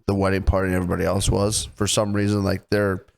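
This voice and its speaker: Lower-voiced male podcast co-host, swears, gets worked up retelling stories. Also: little pitch movement, quick pace, creaky. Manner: profane, indignant storytelling. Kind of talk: casual storytelling chat.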